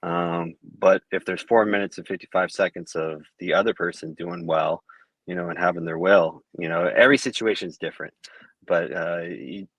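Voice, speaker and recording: Deep-voiced guy on a podcast, kinda halting, tons of "you know", dry sound. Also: steady tone, fairly bright tone, slightly rough, no echo. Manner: halting, many fillers and restarts. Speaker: MMA judge, podcast guest. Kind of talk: casual interview answers.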